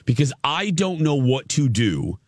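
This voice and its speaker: A man's voice: medium pitch, very animated, measured pace, dry recording, studio quality. A man hosting a morning radio show, chatting casually, self-deprecating and stumbling over his words. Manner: self-deprecating, laughs often, stammers and restarts. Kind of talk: casual on-air banter. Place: radio studio. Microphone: studio microphone.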